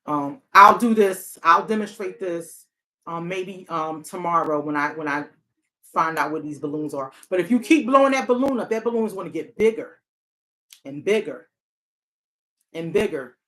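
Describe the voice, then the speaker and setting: A woman's voice: lowish voice, normal speed, sharp tone. A woman therapist and hotline counselor in a casual, reflective monologue, talking earnestly and often repeating her key phrases.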